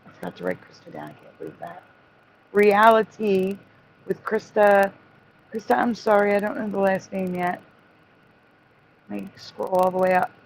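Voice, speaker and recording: A woman's voice: mid-range voice, flat delivery, a little slow, creaky, pauses often, low-quality recording. A woman hosting a live stream, apologetic as she reads out the names of new viewers. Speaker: host. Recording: faint background noise.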